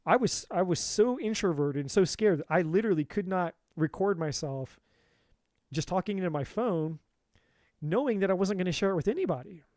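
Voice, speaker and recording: A man's voice: sits high, lively intonation, a little fast, a little mellow, dry recording, studio quality. A man in a casual livestream monologue as a tarot reader and coach, candid and profane, repeating himself for emphasis into a phone.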